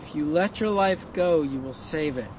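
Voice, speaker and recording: A man with a high voice giving a loose, conversational Bible lesson, often asking the listener rhetorical questions. The audio is dull and lo-fi, with a faint hum of cars and street noise behind him. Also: normal speed, darkish tone. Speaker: Bible teacher. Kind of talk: informal Bible study talk.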